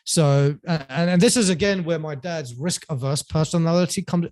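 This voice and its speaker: A man as a podcast guest, telling his story in a relaxed way with many fillers and self-corrections. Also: on the high side, moderate pace, few pauses, no echo. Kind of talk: casual storytelling interview.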